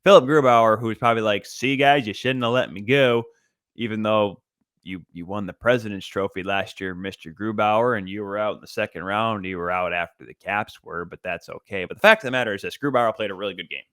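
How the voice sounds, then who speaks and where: A man with a lowish voice talks through the game in a lively, chatty recap, full of asides and quick restarts. His voice sounds dry and close, with no room around it. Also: no echo. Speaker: podcast host. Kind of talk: solo sports podcast recap.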